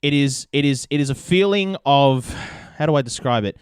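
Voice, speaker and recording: A man's voice: mid-range voice, lively intonation, normal speed, clean tone, no room sound, clean studio sound. A young Australian man hosting a podcast, telling a rambling story with plenty of swearing in casual chat. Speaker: podcast host.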